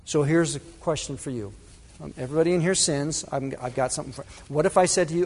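A male pastor preaching a sermon to his congregation, dramatic, swinging between loud emphasis and hushed asides. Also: fairly high pitch, quick pace, slightly rough. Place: church sanctuary. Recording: reverberant church hall.

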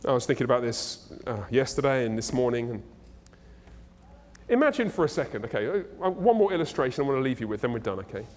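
A man's voice: medium pitch, fast talker. Man preaching a sermon in an echoey hall. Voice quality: conversational, animated, humorous. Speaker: pastor.

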